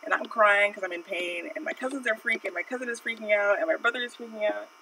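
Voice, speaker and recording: On her art stream, a woman tells a rambling story from her childhood, full of "like" and "you know." She talks fast in a bright, forceful, mid-pitched voice with some vocal fry. She's a little far from the mic, the audio is poor, and a faint electrical hum runs underneath.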